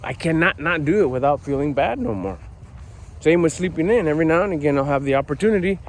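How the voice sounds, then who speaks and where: A middle-aged man giving a casual motivational talk outdoors at a park, blunt and animated, swearing freely. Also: a little high, fast, slight background noise. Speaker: personal development vlogger.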